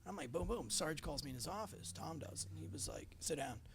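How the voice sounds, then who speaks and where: A man's voice: on the high side, lively intonation, brisk, gravelly. A man in his forties, a former police officer, telling casual anecdotes as a podcast guest, acting out quoted dialogue and swearing freely. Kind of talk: casual storytelling chat.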